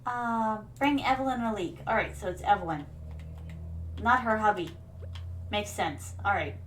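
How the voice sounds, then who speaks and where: A woman's voice: medium pitch, unhurried, fairly bright tone, slight background noise. A young woman streamer chatting playfully while playing a game, calling viewers her darlings. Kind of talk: casual gameplay commentary.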